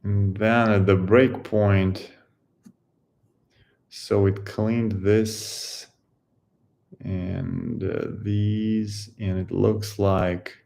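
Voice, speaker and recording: A man hosting a coding tutorial, thinking aloud while he works through a problem, halting and musing with many pauses and fillers. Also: lowish voice, little pitch movement, vocal fry, darkish tone.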